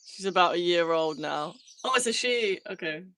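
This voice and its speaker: A woman's voice: lowish voice, lively intonation, moderate pace, a bit bright. A woman in her thirties hosting a casual live chat from a small converted shed, reading viewer comments aloud and laughing often. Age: 30s. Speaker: livestream host.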